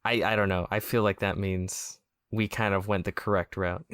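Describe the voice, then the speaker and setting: Sarcastic male co-host from the US, low-pitched, dry close mic. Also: steady tone, normal speed, a bit bright, clear, resonant tone, no room sound. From United States. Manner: sarcastic, joking, swears freely. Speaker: podcast co-host. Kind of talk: casual podcast chat.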